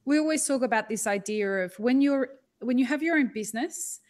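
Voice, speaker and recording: A woman's voice: a little high, a little mellow. Chatty Australian woman podcast host. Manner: chatty, quick to joke. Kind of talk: casual interview chat.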